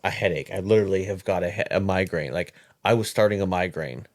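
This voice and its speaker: A man with a low-pitched voice talks casually on a podcast. He tells his story in halting bursts, stumbling and restarting as he goes. It sounds like a relaxed conversation around a table. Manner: halting, restarts and repeats words.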